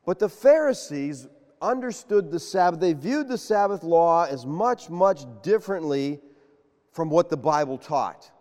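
High-voiced preacher in an echoing hall. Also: male voice, a little slow. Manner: animated, quizzes the congregation with questions. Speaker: pastor. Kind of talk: sermon. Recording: long reverb of a large hall.

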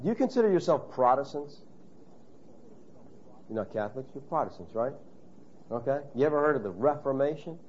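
A man preaching a sermon, speaking straight to his congregation and acting out quoted voices with sudden loud bursts. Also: mid-range voice, animated, a little fast, long pauses, slightly rough. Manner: emphatic, direct address to the congregation. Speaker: pastor. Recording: muffled, dull lo-fi sound.

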